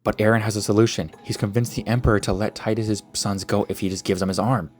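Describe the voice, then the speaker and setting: A man's voice: fairly low pitch, level tone, fast, a little mellow, soft background music. Slangy teen guy summarizing a play. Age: teens. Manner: slangy, jokey, constant "he's like" quotes. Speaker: student presenter. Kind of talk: casual comedic plot summary.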